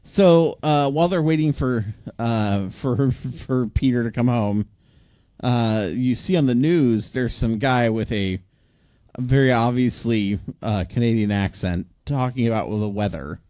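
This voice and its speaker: A man co-hosting a podcast, recapping a movie in casual chat, laughing often and filling pauses with "uh". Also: medium pitch, mellow, no room sound, highs cut off. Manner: laughs often, many fillers. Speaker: podcast co-host.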